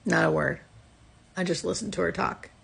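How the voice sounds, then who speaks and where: A woman hospice nurse telling a story casually to her phone camera, reflective and soft-spoken, often trailing off at the ends of phrases. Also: fairly low pitch, moderate pace, gravelly, breathy edge.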